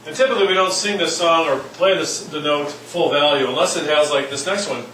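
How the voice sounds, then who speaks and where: A man's voice: fairly high pitch, brisk, a bit bright. A man teaching a casual music lesson, joking around and singing short demonstration syllables. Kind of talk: informal classroom lesson. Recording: echoey room, mic at a distance, faint noise.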